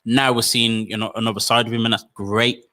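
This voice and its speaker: Dude co-hosting, bright voice, keeps tripping over his words and restarting. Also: on the low side, brisk. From United Kingdom. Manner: animated, stammering restarts, slangy. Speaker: podcast co-host. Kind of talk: casual chat.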